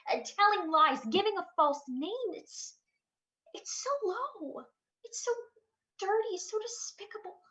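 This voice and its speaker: Young actress as a high-voiced, torn college girl, slow and pleading, dull lo-fi radio play. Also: a bit bright, heavily acted. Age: young adult. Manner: pleading, hesitant, emotional. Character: young female university student, anxious and torn. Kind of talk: amateur radio drama acting.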